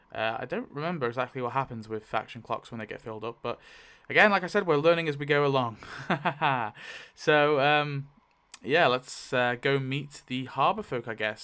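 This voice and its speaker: A man's voice: medium pitch, bright, forceful tone, smooth. A man playing a tabletop roleplaying game solo, talking it through casually and thinking aloud with many fillers and self-corrections. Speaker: solo game player narrating.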